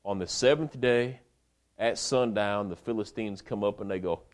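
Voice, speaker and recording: A man preaching a sermon, retelling a story in a colloquial, animated way and speaking directly to the men in the congregation. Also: lowish voice, normal speed.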